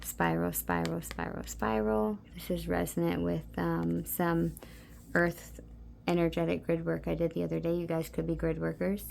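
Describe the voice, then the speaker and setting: A woman giving a soft, meandering spiritual card reading, talking intimately to her listeners with many fillers. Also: lowish voice, completely flat delivery, moderate pace, creaky, slight background noise. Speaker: tarot card reader.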